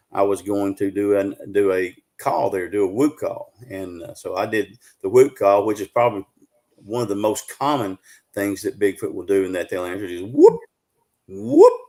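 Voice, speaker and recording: A middle-aged Southern US man with a fairly low voice spins a long tale in a folksy, unhurried way. He leans on fillers and restarts as he talks through it on a live show. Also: a little mellow. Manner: folksy, drawn-out storytelling with many fillers. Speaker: guest, Bigfoot researcher. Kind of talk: casual storytelling on a live show.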